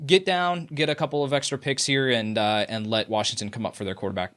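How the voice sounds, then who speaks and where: A man on a sports podcast panel, explaining his trade reasoning in a measured way. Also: mid-range voice, steady tone, fairly bright tone. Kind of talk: casual sports chat.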